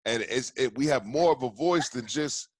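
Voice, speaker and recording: A man's voice: medium pitch, normal speed, slightly rough, no room sound. A fired-up male podcast host, stumbling over restarts as he rants and swears. His voice sits mid-range and sounds close and dry, with no room around it. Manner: heated, profane ranting with many restarts. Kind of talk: casual podcast chat.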